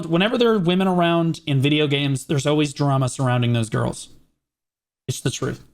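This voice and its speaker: A male streamer telling a story to his chat in casual, profane, animated fashion, mocking the people he quotes. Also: a little high.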